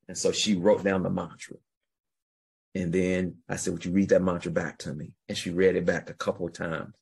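A man's voice: deep voice, level tone, moderate pace, gravelly, darkish tone, husky. A man hosting a podcast, telling a long story in a rambling, casual way, restarting sentences and swearing freely. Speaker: podcast host.

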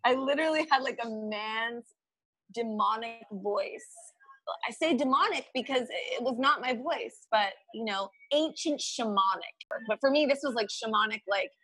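A woman guest telling a story in a casual, animated way, laughing often and quoting her own thoughts aloud. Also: on the high side, normal speed, breathy edge, no room sound, rough recording. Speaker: podcast guest.

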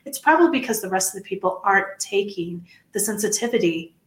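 A woman's voice: mid-range voice, quick pace. A woman who coaches leadership and once worked in HR, talking earnestly in a podcast chat, stressing points by repeating them and acting out quotes. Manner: earnest, repetitive emphasis, animated quoting. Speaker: leadership coach, former HR professional. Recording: echoey room.

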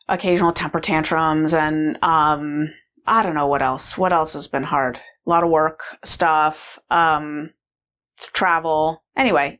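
A woman's voice: sits low, fairly bright tone. A woman sharing a candid, reflective personal story as a course participant, with frequent fillers. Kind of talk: personal testimonial talk.

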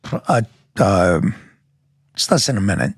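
A man's voice: low voice, sing-song, measured pace, slightly rough, no echo, studio quality. A police lieutenant telling his story step by step in a podcast interview, vivid and blunt, with sound effects and the odd curse.

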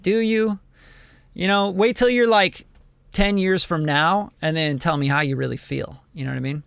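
A man in his forties hosting a podcast, giving a blunt, profane, animated motivational talk about a music career. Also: fairly high pitch, moderate pace, vocal fry, clear, resonant tone, no echo. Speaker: podcast host, music producer.

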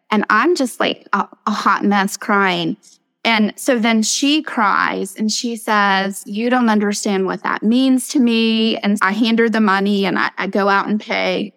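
A woman hosting a faith podcast, telling a personal story in a lively way. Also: mid-range voice, a little slow, long reverb tail. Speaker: podcast host. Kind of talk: faith conversation.

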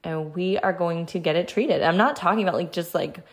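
A woman's voice: on the low side, brisk. Chatty young mother hosting a podcast. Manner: chatty, earnest and encouraging, many fillers. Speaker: podcast host. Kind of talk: solo podcast chat.

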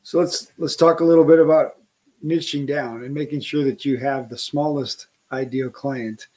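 A man's voice: mid-range voice, fairly even intonation, normal speed, darkish tone. Man hosting a business podcast. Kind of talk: casual podcast conversation.

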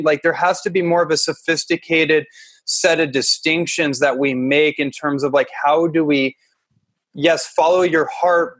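Reflective male host, fairly high voice. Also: a bit bright, dry recording. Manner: reflective, asks rhetorical questions. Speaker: interview host. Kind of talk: conversational interview.

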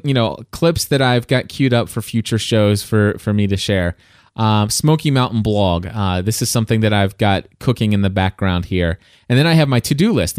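A man's voice: on the low side, no echo, studio quality. Rambling male tech podcast co-host. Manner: rambling, self-interrupting, playful. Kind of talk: casual tech podcast chat.

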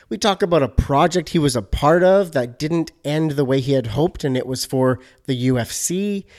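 A man's voice: fairly high pitch, darkish tone. A man hosting a podcast, who opens the show in a chatty, enthusiastic way and jokes with his guest. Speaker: podcast host. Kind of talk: upbeat show intro and interview.

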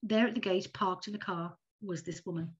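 Woman, 50s, quick animated storyteller, dull lo-fi recording. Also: on the low side, breathy edge. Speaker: podcast guest. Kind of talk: casual storytelling chat. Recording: dull lo-fi audio.

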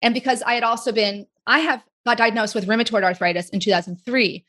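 A woman in her forties, a guest in an interview, talking casually and chattily with quick asides. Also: fairly high pitch, fairly bright tone. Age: 40s.

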